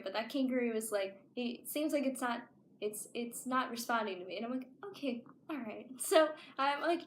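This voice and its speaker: A woman's voice: on the high side, reverberant, slight background noise. A young woman telling a funny story in a casual, chatty way, full of "like"s. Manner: chatty, laughing, many "like"s. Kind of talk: casual anecdote.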